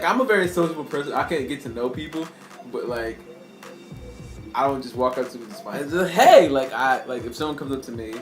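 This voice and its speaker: A young man telling a casual storytime to his camera, rambling and laughing often, with slang. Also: mid-range voice. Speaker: vlogger. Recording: echoey room with faint music.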